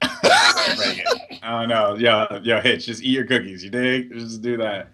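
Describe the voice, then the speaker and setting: A man's voice: medium pitch, steady tone, normal speed. A man on a casual gaming podcast, playful and joking. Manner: playful, joking, breaks into shouting mock commentary.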